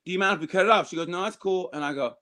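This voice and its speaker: A man telling a long, profane story in casual podcast chat, animated and full of restarts and acted-out quotes. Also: high voice, very fast.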